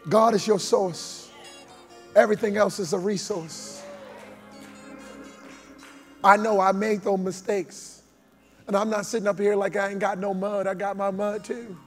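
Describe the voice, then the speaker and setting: A man preaching a sermon and testifying, speaking, moving from low conversational storytelling to shouted climaxes. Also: level tone, moderate pace, pauses often, in a large hall, soft background music. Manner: conversational, testifying, acts out quoted dialogue.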